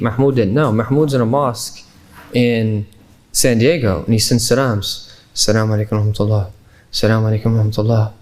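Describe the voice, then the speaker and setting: A man from Kansas City, Missouri, teaching a religious class at a middle pitch. He talks in an easygoing, conversational way, drifting into stories and restarting his sentences. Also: darkish tone. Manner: conversational, loose with restarts and fillers. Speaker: Islamic teacher. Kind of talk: classroom lecture with anecdotes.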